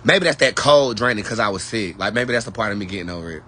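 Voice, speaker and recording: A man's voice: fairly low pitch, expressive, fast talker, bright, forceful tone, a little hiss or hum. A man who reads tarot, chatting with viewers in a sassy, profane, rambling way. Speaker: tarot reader. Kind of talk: casual livestream chat with viewers.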